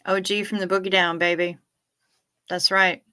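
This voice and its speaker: Chatty, bright-voiced woman streamer. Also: on the low side, level tone, normal speed, clear, resonant tone. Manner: chatty, reads out viewer comments, swears casually. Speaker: livestream host. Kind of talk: casual late-night livestream chat.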